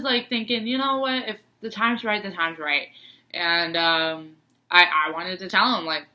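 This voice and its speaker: A woman's voice: on the low side, bright, forceful tone. A young adult woman casually telling a personal story to camera, chatty, with many fillers and acted-out quotes. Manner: chatty, lots of fillers and quoted reactions, laughs often.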